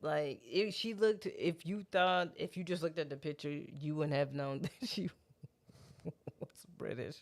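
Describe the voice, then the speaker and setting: A woman's voice: low voice, a little slow. A woman co-hosting a podcast in casual chat, blunt and profane, laughing often. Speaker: podcast co-host.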